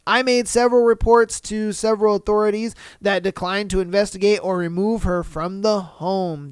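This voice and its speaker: Man, podcast host, casual reading of posts, animated reactions, crisp voice, dry booth. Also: high-pitched, no room sound. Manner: animated, swearing, acting out reactions.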